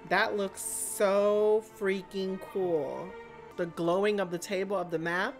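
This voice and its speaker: A woman hosting a video reaction to a TV episode, chatty and excitable, calling viewers honey. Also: medium pitch, slow, soft background music.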